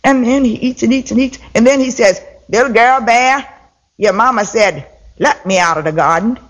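A man's voice: extremely high pitch, normal speed, a bit bright, voice pushed up. A man voicing a timid young girl bear cub in a folktale, speaking meekly and earnestly.

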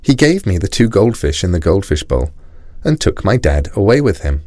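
A man reading a children's storybook aloud, expressive and playful. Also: low voice, moderate pace, no echo, studio quality.

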